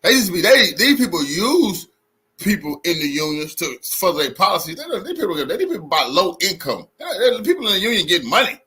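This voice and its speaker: A man's voice: high-pitched, big pitch swings, brisk, sharp tone, slightly rough. A man giving heated, profane reaction commentary, blunt and repetitive as he rants.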